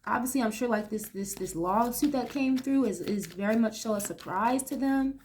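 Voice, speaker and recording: A woman's voice: fairly high pitch, normal speed, darkish tone, a little hiss or hum. A young woman doing a casual tarot reading, reacting aloud to each card with blunt, profane commentary. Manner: blunt, swears freely, reacts aloud to the cards. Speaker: tarot reader.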